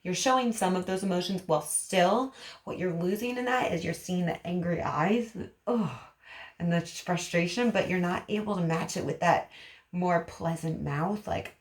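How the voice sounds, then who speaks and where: A woman speech therapist explaining to parents in an animated, demonstrative way, acting out emotions as she teaches. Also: lowish voice, normal speed. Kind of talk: parent education vlog. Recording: roomy echo.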